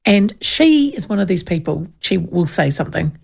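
Chatty New Zealand woman with a gravelly edge. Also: on the low side, moderate pace. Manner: chatty, animated storyteller with asides. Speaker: radio talk show host. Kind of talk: casual talk radio chat, reading listener texts.

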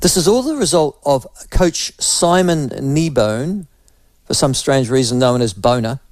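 A man's voice: mid-range voice, expressive, unhurried, a little mellow, no echo. Sardonic New talk-radio man. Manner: sardonic, rambling, many fillers. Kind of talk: opinionated radio monologue.

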